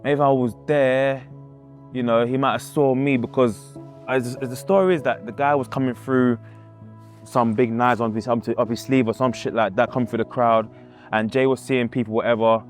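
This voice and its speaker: A man's voice: mid-range voice, steady tone, normal speed, soft background music. A man telling an emotional personal story in a casual way, acting out the voices of people he quotes and going over the same words again. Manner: casual, acts out quoted voices, repeats himself.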